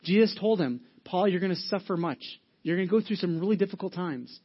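Man, pastor, earnest conversational sermon, husky, lo-fi church recording. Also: high voice, a little fast. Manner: earnest, conversational preaching with frequent restarts and fillers.

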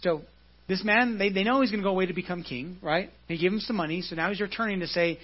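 A pastor preaching a conversational sermon at a church service, explaining scripture casually and often checking in with "right?". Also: male voice, sits high, quick pace, slightly rough, muffled recording.

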